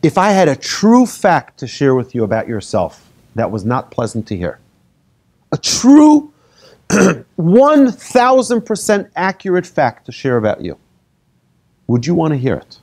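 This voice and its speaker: A rabbi giving a lively talk to an audience, telling made-up stories and asking the listeners questions. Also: male voice, fairly high pitch, moderate pace. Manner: animated, asks the audience questions, tells hypothetical stories. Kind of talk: lively lecture to a live audience.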